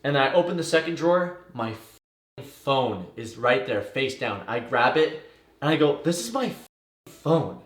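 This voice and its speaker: A man telling a personal story in a casual, animated way, tumbling through details with fillers and swearing. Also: medium pitch, a little slow. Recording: echoey room.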